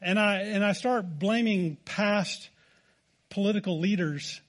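High-voiced folksy American pastor. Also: male voice, measured pace, pauses often, slight background noise. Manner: folksy storytelling, self-deprecating humor. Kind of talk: sermon.

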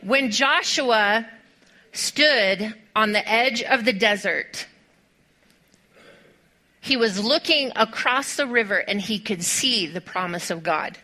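A woman preacher delivering a sermon to a congregation, telling stories with lively rhetorical questions and speaking directly to her listeners. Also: mid-range voice. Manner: animated storytelling with rhetorical questions.

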